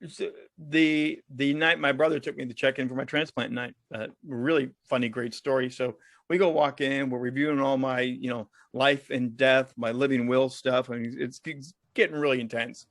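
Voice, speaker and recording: A man's voice: mid-range voice, steady tone, moderate pace, gravelly, no room sound, studio quality. A man guest on a podcast, telling stories in a joking, laughing way. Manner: jokey, laughs often, acts out other people in stories. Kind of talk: casual storytelling interview.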